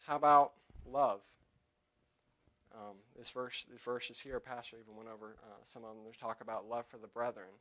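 A man's voice: on the low side, level tone. Young man preaching. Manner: loud when quoting scripture, quieter and halting in personal asides. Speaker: lay preacher. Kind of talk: sermon. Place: church.

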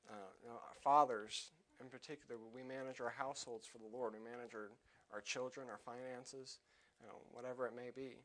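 A young man preaching a sermon in church, loud when quoting scripture and quieter and halting in his personal asides. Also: mid-range voice, fairly even intonation. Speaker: lay preacher.

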